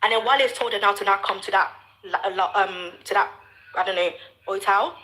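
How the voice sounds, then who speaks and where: Woman guest on a live chat, quick and bright, apologetic, reasons things out aloud. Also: mid-range voice, low-quality recording. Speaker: guest sharing screenshots. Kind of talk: casual live chat discussion.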